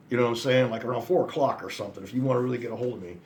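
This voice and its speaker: A man's voice: mid-range voice, racing, few pauses, darkish tone. A tired man vlogging to his viewers in a rambling, frustrated way, jumping between thoughts and swearing often. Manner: frustrated, disappointed and resigned. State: worn out. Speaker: vlogger addressing male viewers. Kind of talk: casual spoken monologue to camera.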